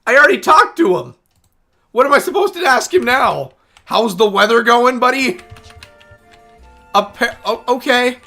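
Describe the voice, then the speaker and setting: A hoarse streamer in casual game livestream talk, rambling and poking fun at themselves. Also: mid-range voice, very animated, sharp tone, soft background music. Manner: rambling, self-mocking, quick asides.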